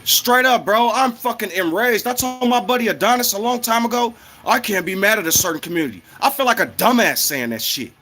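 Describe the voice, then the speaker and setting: A man's voice: high voice, animated, brisk, few pauses, pushed and bright. A man ranting in a casual, heated, profane monologue, often repeating himself.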